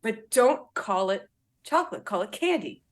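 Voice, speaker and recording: A woman from Ireland, a guest author in casual podcast chat, telling rambling, animated stories and swearing freely. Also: mid-range voice, normal speed.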